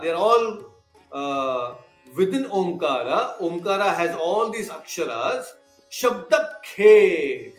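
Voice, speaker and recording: Male spiritual teacher with a slightly high voice, lecturing on scripture and quizzing listeners. Echoey room, faint sitar music behind. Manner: explanatory, quizzes listeners, repeats key terms.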